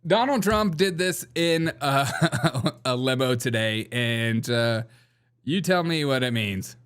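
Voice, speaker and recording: A man's voice: mid-range voice, lively intonation, takes it slowly, fairly bright tone, smooth. Male host, casual sarcastic commentary, laughs a lot between remarks. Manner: sarcastic, laughs often while talking. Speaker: political commentary show host.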